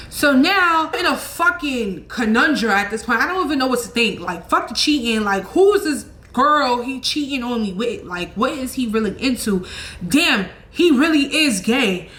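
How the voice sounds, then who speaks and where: A young woman telling a storytime vlog, animated and blunt, swearing freely and acting out her own quoted lines. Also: high voice, normal speed. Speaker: channel host. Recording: echoey room with faint noise.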